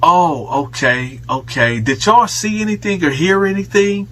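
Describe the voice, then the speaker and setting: A man's voice: sits high, measured pace, pushed and bright. A man voicing a cautious inmate who asks hesitant, probing questions. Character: cautious inmate called she, probing and hushed.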